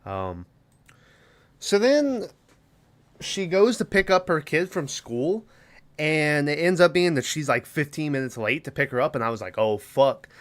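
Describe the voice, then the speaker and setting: A man's voice: on the high side, sing-song, unhurried. A man hosting a podcast, casually and profanely rambling through a movie plot with lots of fillers. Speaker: podcast host.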